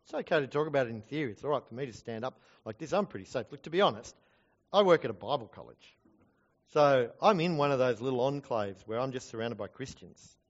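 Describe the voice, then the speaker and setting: A man's voice: medium pitch, expressive, fast talker, lo-fi sound. A man preaching a sermon in an earnest, conversational way with self-deprecating asides, recorded in a church. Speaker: preacher, Bible college teacher.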